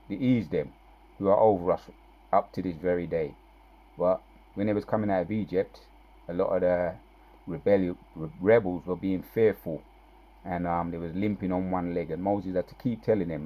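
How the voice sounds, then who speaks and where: A man giving an informal scripture teaching. He reads verses slowly with loud, drawn-out stress and talks casually between them, often asking "right?" and "yeah?". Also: fairly low pitch, muffled recording. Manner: conversational, with tag questions and fillers between verses. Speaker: bible teacher.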